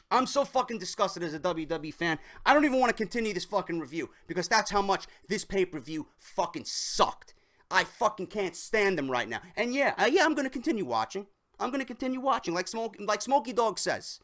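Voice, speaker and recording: A man's voice: high voice, sing-song, brisk, a bit bright. A man giving an angry, swearing rant as a wrestling show reviewer. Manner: furious, swearing, repetitive rant.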